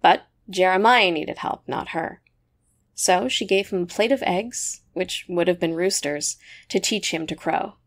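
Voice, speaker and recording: A woman narrating a short story in a measured, even storytelling manner. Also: lowish voice.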